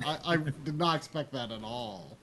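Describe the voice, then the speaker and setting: A man co-hosting a casual chat show, reacting quickly and laughing easily. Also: a little high, sing-song, creaky, fairly bright tone, a little hiss or hum. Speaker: podcast co-host.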